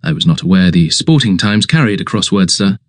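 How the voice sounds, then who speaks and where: A man voicing an unflappable male valet who speaks in a measured, deferential, deadpan way. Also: sits low, no echo, clean studio sound.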